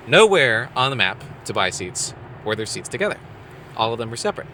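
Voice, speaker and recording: Young male co-host, mid-range voice, bright and lively, casual chatty storyteller who plays out his own dialogue. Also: mid-range voice, fairly quick, slight background noise. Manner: animated, acts out his own quoted lines. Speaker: podcast co-host.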